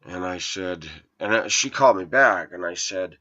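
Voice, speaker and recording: A man's voice: low voice, moderate pace, hardly any pauses, bright, forceful tone, highs cut off. A man telling a personal dating story to his viewers, aggrieved and quoting texts and calls word for word. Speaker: video blogger.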